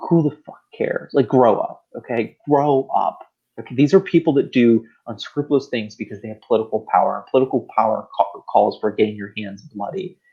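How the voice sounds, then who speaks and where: A man's voice: medium pitch, mellow, slightly rough, muffled recording. A man co-hosting a podcast, ranting about politics in a heated, sarcastic, repetitive way. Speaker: podcast co-host. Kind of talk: political rant.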